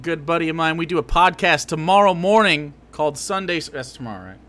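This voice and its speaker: A man's voice: a little high, fast talker, sharp tone. A man hosting a livestream, reacting to a video with crude, sarcastic rants. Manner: crude and sarcastic, mock-ranting. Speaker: livestream host. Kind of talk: casual livestream rant.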